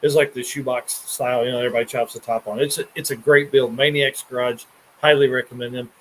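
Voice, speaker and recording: A man's voice: mid-range voice, steady tone, quick pace, slight background noise, rough recording. A man hosting a car podcast, chatting casually and rambling with restarts and fillers. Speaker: podcast host.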